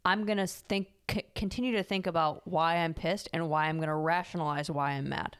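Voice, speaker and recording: A woman's voice: deep voice, fairly even intonation, brisk, clean tone. A young woman co-hosting a podcast in casual chat, frank and candid, a little self-mocking. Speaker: podcast co-host.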